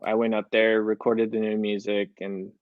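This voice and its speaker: A man's voice: on the low side, monotone, moderate pace, no echo. Young guy, singer, chatty storyteller, keeps going "i was like", dry dull-ish audio. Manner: storytelling, quoting himself with "I was like" often. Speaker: country recording artist, guest. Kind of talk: casual interview chat.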